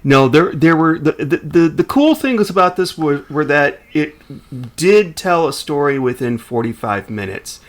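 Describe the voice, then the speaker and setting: A man co-hosting a podcast in casual chat, animated and jokey, often trailing off and restarting his sentences. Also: a little high, a little slow. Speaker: podcast co-host.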